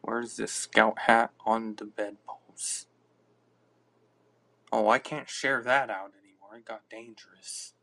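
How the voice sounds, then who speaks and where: A man hosting a podcast, chatting casually and offhandedly in a halting, mumbling way. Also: lowish voice, fairly even intonation, gravelly, bright, forceful tone. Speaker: podcast host. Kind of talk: casual live-stream chatter.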